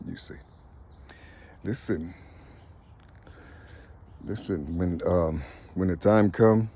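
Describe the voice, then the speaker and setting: A man's voice: low-pitched, very slow, pauses often, warm tone, husky. A middle-aged man in a rambling, emotional monologue, profane and repetitive, turning tearful as he talks. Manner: rambling, repetitive, profane, full of "you see". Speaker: vlogger.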